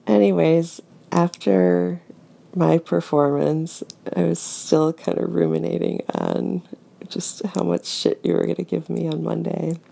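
Slow, gravelly low-voiced woman. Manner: hesitant, many ums, frequent soft laughs. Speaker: storyteller addressing a coworker. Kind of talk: casual spoken role-play monologue.

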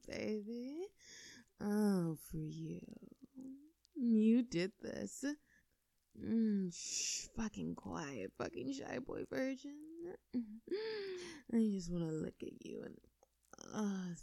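A woman's voice: medium pitch, creaky, warm tone, no room sound, studio quality, full character voice. A woman voicing a bold, crude and taunting young woman in an audio role-play. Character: bold teasing young woman, sister's friend.

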